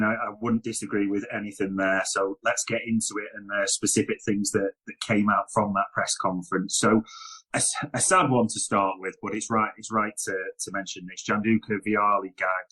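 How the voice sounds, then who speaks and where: A man's voice: on the low side, level tone, normal speed, a bit bright, poor audio. A man hosting a podcast discussion, steadily leading the talk and putting questions to his guest. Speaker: podcast host.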